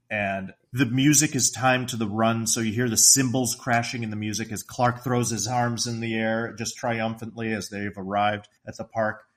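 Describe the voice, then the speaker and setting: A middle-aged man co-hosting a podcast, retelling movie scenes in an animated way and laughing often. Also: mid-range voice. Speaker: podcast co-host. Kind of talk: casual film discussion.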